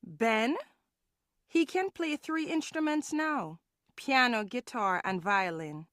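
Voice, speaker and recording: A woman's voice: fairly high pitch, slow, fairly bright tone, no room sound, clean studio sound. A woman with a Caribbean English accent voicing a friendly woman in a scripted textbook dialogue. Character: friendly woman meeting an old acquaintance.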